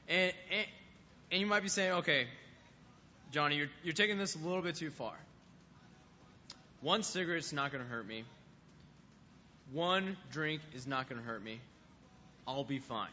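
A man's voice: fairly high pitch, sharp tone. Man preaching in an echoing hall. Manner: conversational, repeats words while thinking, asks the audience questions. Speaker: youth pastor. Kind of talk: sermon. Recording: muffled hall recording with long reverb and faint hiss.

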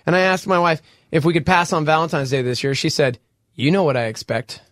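Bright-voiced man, joking radio co-host, dry studio mic. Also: on the high side, fairly quick, no echo. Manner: joking, reads listener texts aloud. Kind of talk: casual morning radio banter. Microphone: studio microphone.

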